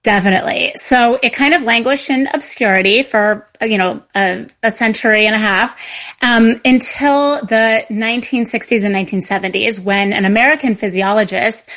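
A woman's voice: fairly high pitch, moderate pace, a bit bright. A woman family physician, a guest on a radio interview, explaining things with frequent "um" fillers.

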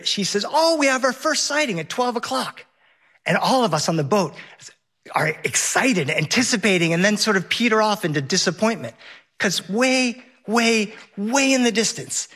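A man telling a lively personal story on stage, vivid and laughing along the way. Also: sits high, breathy edge.

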